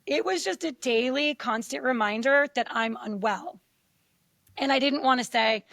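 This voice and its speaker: Woman, middle-aged, podcast guest, candid storytelling, fairly high voice, dry close sound. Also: normal speed, no echo. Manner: animated, acts out quoted voices.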